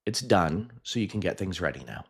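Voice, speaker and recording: A man retelling the words of a brisk woman funeral director on the phone, in a matter-of-fact, offhand tone. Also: sits low, lively intonation, creaky, slightly rough, heavily acted.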